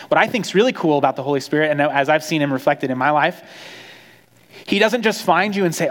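Animated preacher in a reverberant hall. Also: male voice, fairly high pitch, a little fast. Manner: conversational, animated storytelling with acted quotes. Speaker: pastor. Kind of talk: sermon.

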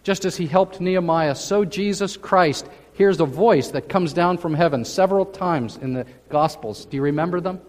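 A man preaching a sermon as pastor, speaking slowly and emphatically with drawn-out phrases. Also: high voice, darkish tone. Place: church sanctuary. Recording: church hall with long reverb.

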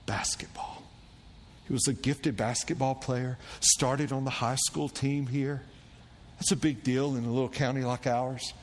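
A male pastor telling a story in a sermon, animated and acting out the voices of the people in it. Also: a little slow. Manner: animated storyteller, acting out quoted voices with big pitch jumps. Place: church sanctuary. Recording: long church reverb with faint room noise.

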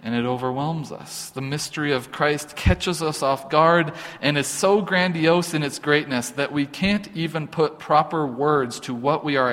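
Man preaching kinda casual, earnest, restarts a lot, slightly high voice, big echoey hall. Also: a bit bright. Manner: earnest, informal, with frequent restarts and fillers. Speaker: pastor. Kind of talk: conversational sermon. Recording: long hall reverb.

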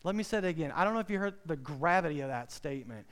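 A man preaching a sermon with an emphatic, direct delivery. He keeps turning to his listeners with rhetorical questions. His voice sits high and rings clear and smooth. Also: expressive, rapid-fire, fairly bright tone.

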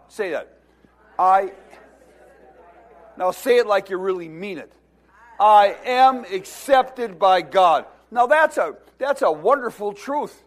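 A man preaching a sermon as pastor, exhorting the congregation and having them repeat phrases, building to loud emphasis at times. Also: high-pitched.

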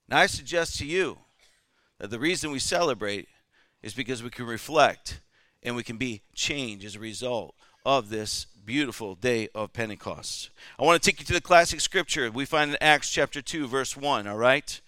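A man's voice: medium pitch, lively intonation, moderate pace, bright, forceful tone, no room sound, clean studio sound. A man preaching a Pentecost Sunday sermon, leading call-and-response and checking in with the congregation as he goes. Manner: repeatedly asks "all right?" of the listeners. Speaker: pastor. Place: church service.

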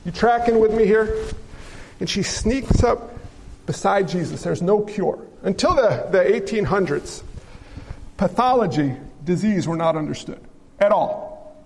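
A man preaching a sermon as pastor, animated, asking the congregation questions and telling stories. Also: sits high, unhurried, long reverb tail, low-quality recording.

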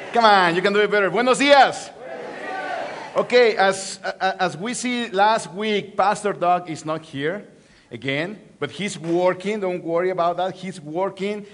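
A man's voice: high-pitched, fairly bright tone. A middle-aged man with a Mexican accent, a Spanish native speaker, preaching a sermon to a church and joking with the congregation. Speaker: guest preacher.

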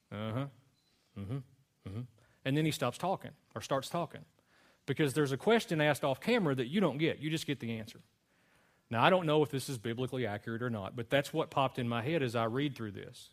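A man preaching a sermon in an easygoing, conversational manner. His voice sits in a middle pitch, and he talks as though sharing stories with friends rather than lecturing. He shifts his pace freely as he goes. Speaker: pastor.

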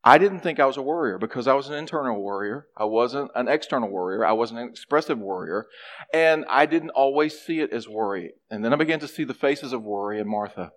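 A man preaching a sermon, animated, acting out a character's complaints in a raised voice. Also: medium pitch, fairly quick. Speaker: pastor.

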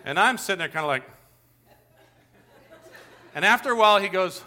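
Bright-voiced man preaching with lively stories. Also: high-pitched, fast. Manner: lively storytelling, talks straight to the congregation. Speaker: pastor. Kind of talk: sermon.

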